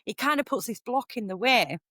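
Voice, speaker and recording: A middle-aged woman, a psychic medium guest on a podcast who talks in a lively, chatty storytelling way. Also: on the high side, brisk, dry recording, studio quality. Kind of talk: casual podcast conversation.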